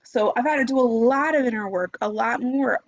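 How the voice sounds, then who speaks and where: A woman's voice: fairly high pitch, a little fast, dry recording. A woman meditation teacher in an impassioned, unscripted monologue, swearing freely and restarting her sentences. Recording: dull, dry, lo-fi recording.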